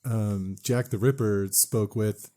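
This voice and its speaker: A man's voice: lowish voice, steady tone, slow, dark tone. A man co-hosting a podcast, talking in a laid-back, hesitant way with many fillers. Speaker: podcast co-host. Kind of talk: casual chat.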